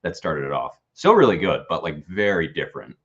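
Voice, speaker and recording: A man's voice: low voice, sing-song, fairly quick, a bit bright, slightly rough, lo-fi sound. A man appearing as a guest on a casual chat stream, rambling along with many "like" and "uh" fillers. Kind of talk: casual conversation.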